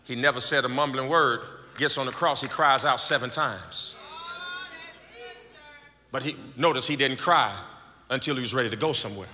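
A pastor preaching a sermon, swinging from shouts and half-sung lines to quiet, low stretches. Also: male voice, normal speed, long pauses. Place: church sanctuary. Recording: large echoing church hall with crowd noise.

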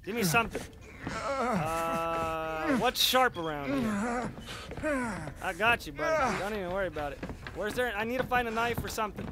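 A man doing excitable horror game commentary, loud and full of swearing. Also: high voice, racing, a loud crowd. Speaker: gaming video creator.

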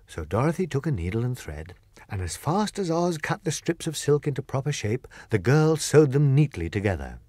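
A man narrating a classic children's story as an audiobook reader, expressive and clear. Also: mid-range voice, moderate pace, no echo. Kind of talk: storybook reading.

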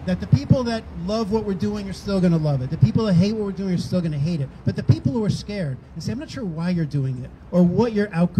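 There's a noisy background as an older man with a high voice, a rally organizer, speaks conversationally to a crowd outdoors on a town green, acting out quoted exchanges.

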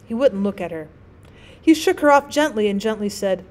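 A woman teacher narrating a classic short story as an audiobook, with clear, measured storytelling. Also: medium pitch, lively intonation. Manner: clear, measured storytelling with gentle voices for characters.

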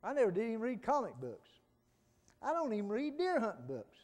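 A middle-aged man, preaching a folksy sermon that swings from soft pleading to loud fervent calls. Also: extremely high pitch, wildly swooping pitch, a little fast. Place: church sanctuary. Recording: long church reverb.

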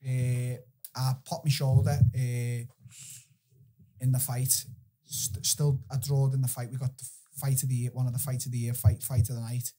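Husky Scouse man telling stories. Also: mid-range voice, normal speed. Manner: animated, heavy swearing. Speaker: podcast guest, fighter. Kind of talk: casual storytelling.

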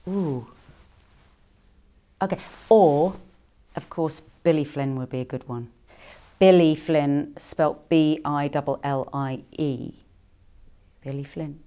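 Low-voiced, chatty middle-aged woman. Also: fairly even intonation, warm tone. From England. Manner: chatty and playful, with quick jumps into higher quoted voices. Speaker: actress and singer answering fan questions. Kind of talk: casual interview answers.

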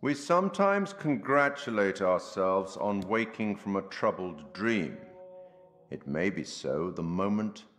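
An actor playing an enigmatic male curator in a video game, speaking in a measured, philosophical way. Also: on the low side, animated, fairly bright tone, long reverb tail, soft background music. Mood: reflective. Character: enigmatic male curator, calm, cryptic, older.

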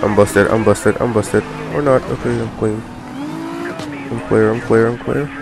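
Profane, rambling young gamer dude. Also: male voice, fairly low pitch, fairly even intonation, a little slow, vocal fry, background noise. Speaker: gaming YouTuber. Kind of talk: casual gameplay commentary and rant. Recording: game music playing underneath. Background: racing game music and car sounds.

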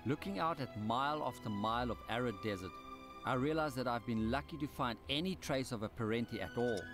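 Male documentary presenter, measured scripted voice-over with music behind, mid-pitched. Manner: calm, measured storytelling. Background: documentary score music.

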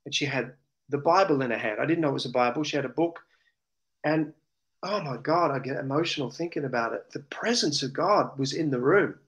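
A man's voice: mid-range voice, brisk, highs cut off. An Australian man, an interview guest, earnestly and emotionally recounting a personal testimony. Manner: earnest, emotional, animated retelling.

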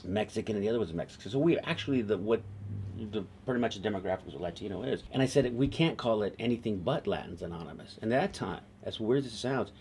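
A middle-aged man, a TV writer being interviewed, telling stories in a lively, conversational way and laughing easily. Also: on the low side, fast talker, a little hiss or hum. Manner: animated, laughs easily, slips into quoted voices. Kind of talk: conversational storytelling.

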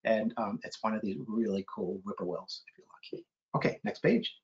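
A man's voice: a little fast, highs cut off. A middle-aged man reading a children's book aloud, breaking into playful bird call imitations. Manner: animated, mimics bird calls with sudden high hoots.

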